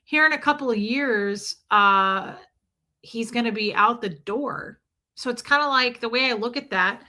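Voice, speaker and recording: A middle-aged woman hosts a casual livestream, chatting freely and calling out viewers by name. Her voice sits a little high and has a bright, forceful edge. She talks in an opinionated, conversational way. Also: a little slow. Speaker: livestream host. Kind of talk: casual livestream chat reading viewer comments.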